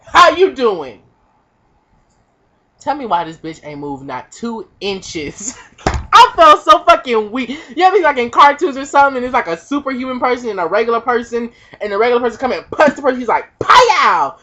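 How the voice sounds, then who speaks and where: A young woman vlogger telling a comic personal story, animated and profane, acting out the voices of the people in it. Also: a little high, fairly quick. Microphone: webcam. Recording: dull lo-fi webcam audio.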